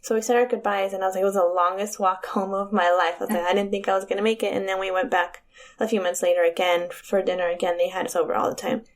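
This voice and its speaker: A woman's voice: medium pitch, level tone, quick pace. A young woman co-hosting a podcast, telling crude, jokey stories in casual chat. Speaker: podcast co-host.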